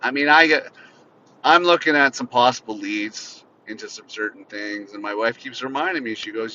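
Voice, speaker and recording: A man's voice: normal speed, pushed and bright. A man hosting a podcast from inside a car, bitterly venting in an unscripted, profane solo rant. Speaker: podcast host. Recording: slightly muffled, faint vehicle rumble.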